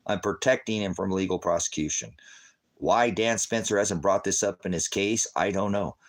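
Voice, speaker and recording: A middle-aged man ranting angrily on a livestream as a father, cursing heavily and swinging from shouting to quiet. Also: lowish voice, brisk. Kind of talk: angry livestream rant.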